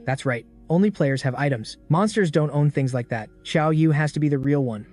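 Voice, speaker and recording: A man's voice: fairly high pitch, normal speed, a little mellow, faint music behind, natural voice. A man voicing a loyal, anxious young female party member who speaks earnestly.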